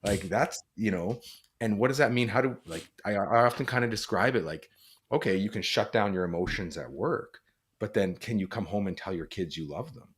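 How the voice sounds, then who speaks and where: As an interview guest, a former police officer and author speaks earnestly and reflectively, leaning on "like" as a filler. His voice is on the low side, expressive and brisk.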